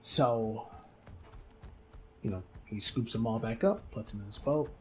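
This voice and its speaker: A man's voice: fairly low pitch, measured pace, a little hiss or hum. A man hosting a game video, casually retelling a myth with lots of fillers. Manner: rambling, many fillers. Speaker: gaming channel host.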